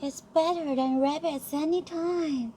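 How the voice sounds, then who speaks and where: A woman voicing an excitable young male lion who gushes over his food in a high, eager voice, reading a bedtime story. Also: unhurried, slight background noise. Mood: gushing, excited. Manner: squealing, gushing, high and eager.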